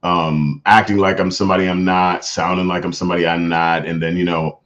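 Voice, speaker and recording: Deep-voiced man streaming over lo-fi audio. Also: flat delivery, brisk, a bit bright. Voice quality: deep natural voice. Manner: laid-back, slangy, laughs often, reads out comments. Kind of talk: casual chat with live chat readers.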